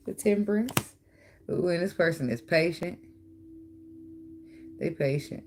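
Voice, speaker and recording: A woman gives a casual, animated tarot reading, talking straight to her viewers. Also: lowish voice, a little slow, pauses often, noisy background. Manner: animated, talks to viewer, bursts into song and laughter. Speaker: tarot reader.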